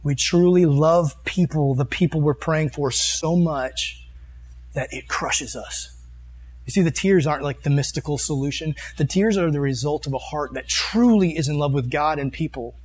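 Youth pastor type, man with a slightly high voice, casual earnest preaching, reads scripture and riffs on it. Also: normal speed, darkish tone, slightly rough. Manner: reads and comments on scripture verses. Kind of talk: sermon. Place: meeting room with a live audience.

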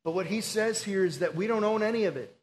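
Male pastor, fairly high voice, earnest conversational sermon delivery. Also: fast talker. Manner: earnest, pleading, conversational preaching.

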